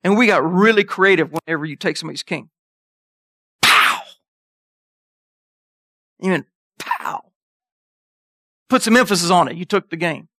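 A man preaching an animated sermon who reads scripture aloud and jumps into high voices for emphasis. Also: fast, few pauses, dry recording, clean studio sound.

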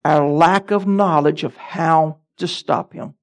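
A man's voice: a little high, fairly even intonation, slow pace, vocal fry. A middle-aged man, a pastor, preaching a sermon with emphatic delivery and frequent amens.

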